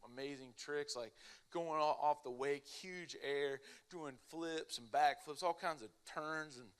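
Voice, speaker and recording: A man's voice: on the high side, measured pace, smooth. A young man, telling a humorous story to a live church audience and laughing along as he goes. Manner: animated, laughs through his own story. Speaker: speaker at a church family event.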